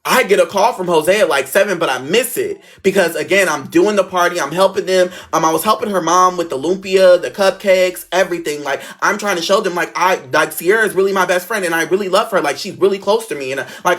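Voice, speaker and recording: A man's voice: high-pitched, fast, hardly any pauses, fairly bright tone. A young man casually telling a story from his childhood and acting out the voices of the people in it.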